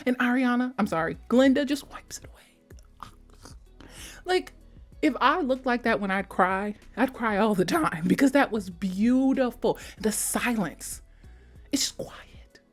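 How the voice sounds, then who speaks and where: A woman vlogger gushes in casual, slangy chat, her voice leaping up and down with lively excitement. She slips into high mock voices and soft whispers as she talks, and her voice sits a little high for a woman. Faint music plays under her voice. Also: a little slow. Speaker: vlogger reviewing a film.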